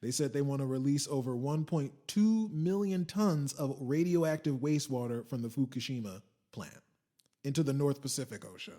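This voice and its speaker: A man's voice: mid-range voice, normal speed, mellow. A man hosting a casual solo podcast, rambling and swearing, switching into mocking quoted voices. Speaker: podcast host.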